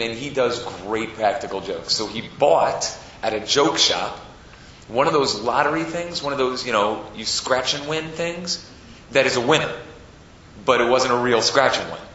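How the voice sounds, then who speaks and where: A young man tells a story at a Torah talk in a bright, forceful voice, bursting into shrill shouts when he acts out his family. He sounds far from the mic in a very echoey room, with the sound dull and lo-fi. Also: slight background noise. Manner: animated storyteller, acts out family members in loud high voices. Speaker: Torah speaker.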